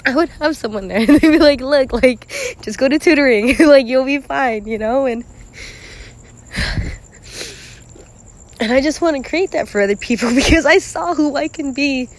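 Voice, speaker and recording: A young woman talking through her feelings alone to camera in a rambling, emotional monologue, full of "like," swearing, sighs and nervous laughs, close to tears. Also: high voice. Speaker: vlogger.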